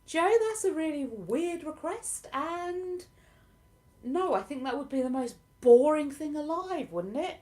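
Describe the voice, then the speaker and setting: Southern english woman w a bit of lincolnshire in her accent, chatting to her stream, laughs a lot, slightly high voice. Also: animated, measured pace, a little mellow. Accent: southern English, partly Lincolnshire. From southern England. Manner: chatty and self-deprecating, laughs often. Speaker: livestream host. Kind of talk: casual live chat answering viewer comments.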